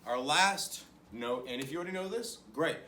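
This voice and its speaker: A man's voice: fairly high pitch, animated, normal speed, bright, forceful tone, roomy sound, far from the mic, a little hiss or hum. A young man teaching an online music lesson to children, encouraging them and counting rhythms aloud as he claps.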